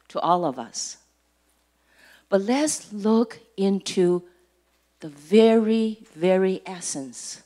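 Slow, deliberate woman preaching. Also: lowish voice, mellow. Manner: slow and deliberate, with emphatic repeated words; phrase ends fading to near whisper. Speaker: church speaker. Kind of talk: sermon. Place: church service.

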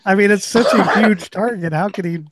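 A man's voice: high-pitched, normal speed, over a noisy crowd. A man hosting a podcast in casual chat, giving brief replies and laughing along. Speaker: podcast host.

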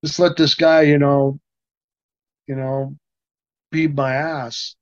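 An older man spins a profane, animated story as an interview guest, starting over and over again mid-sentence. His voice sits a little higher than most men's. The sound is dry and a bit muffled. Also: slow pace, dry recording. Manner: animated, profane, full of restarts and laughs. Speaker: interview guest, stuntman and actor.

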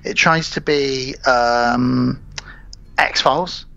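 A man's voice: medium pitch, fairly even intonation, very slow, vocal fry, bright, forceful tone, no echo, highs cut off. A man in his forties co-hosting a podcast, chatting about films in an enthusiastic, rambling, jokey way. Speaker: podcast co-host. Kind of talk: casual film review chat.

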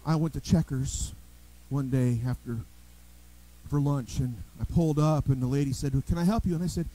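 A male pastor preaching a sermon in a church, telling everyday stories with lively emphasis and frequent restarts. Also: mid-range voice, normal speed, poor audio. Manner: animated storytelling preacher, repeats and restarts words. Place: church sanctuary.

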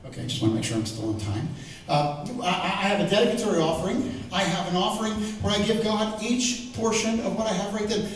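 A middle-aged man teaching the Bible to a live audience, animated and joking, asking the crowd questions. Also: sits high, a little fast. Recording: echoey hall, mic far off, faint noise.

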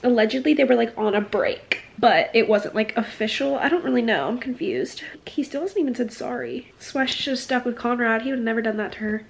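A young woman vlogging casually about books, ranting with animated exasperation and acting out quoted lines. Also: a little high, fairly quick, creaky, few pauses. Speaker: book vlogger. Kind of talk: casual chat.

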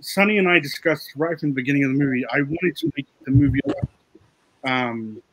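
A slightly high, husky male voice, talking in a relaxed and easy way. He is a director explaining his choices and quoting his collaborators. The sound is dry and close. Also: a little fast, no echo, poor audio. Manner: relaxed, explains, quotes others. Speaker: film director. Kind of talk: casual interview chat.

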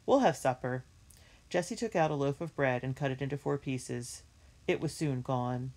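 A woman reading a children's book aloud in a clear, measured storytelling manner. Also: rumbling low, darkish tone. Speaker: reader.

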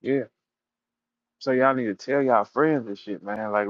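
A man's voice: medium pitch, unhurried, pauses often, no room sound, lo-fi sound. A man hosting a battle rap audio room, telling stories and taunting a rival in a profane, casual rant. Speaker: battle rap show host.

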